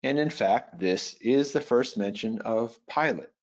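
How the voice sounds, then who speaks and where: A man teaching a Bible software webinar, thinking aloud as he works through a passage. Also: mid-range voice, animated, unhurried. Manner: thoughtful, thinking aloud with restarts. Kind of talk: webinar teaching with screen demo. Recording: dull lo-fi webinar audio.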